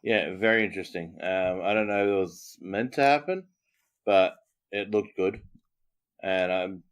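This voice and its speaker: A man's voice: deep voice, unhurried, clear, resonant tone. A man with an Australian accent co-hosting a podcast, chatting casually and agreeably, with plenty of "yeah" and "um". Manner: agreeable, lots of yeahs and ums. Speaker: podcast co-host. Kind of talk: casual wrestling recap chat.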